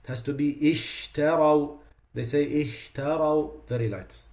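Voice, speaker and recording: Man teaching recitation, modeling sounds slowly. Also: medium pitch, vocal fry, warm tone. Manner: explanatory, demonstrates pronunciations slowly and repeats them; loose, conversational asides with fillers. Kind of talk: online class lecture.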